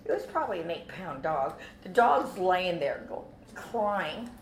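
A woman telling a personal faith testimony as an animated story, with frequent restarts and repeated words. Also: fairly low pitch, measured pace, roomy sound, slight background noise. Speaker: speaker giving a personal testimony.

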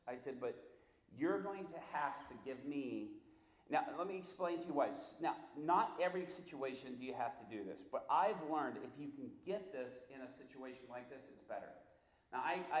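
A man's voice: medium pitch, roomy sound. A male preacher telling a story in a sermon, animatedly acting out the voices of the people in it.

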